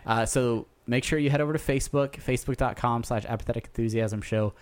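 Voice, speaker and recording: A man's voice: medium pitch, quick pace, clean tone. A man co-hosting a podcast, chatting casually and joking as he plugs the show and its social media. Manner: joking, relaxed plugging of the show. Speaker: podcast co-host.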